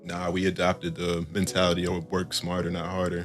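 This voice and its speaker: Give me a young man hosting a podcast, loose and easygoing, with a deep low voice. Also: completely flat delivery, fairly quick, soft background music. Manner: laid-back, fills talk with "like" and "you know what I'm saying". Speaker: podcast host. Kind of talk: casual chat.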